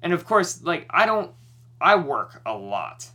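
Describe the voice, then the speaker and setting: A man's voice: on the high side, sing-song, unhurried, pushed and bright. A young man co-hosting a podcast, retelling a story in casual chat with lots of swearing and worked-up energy.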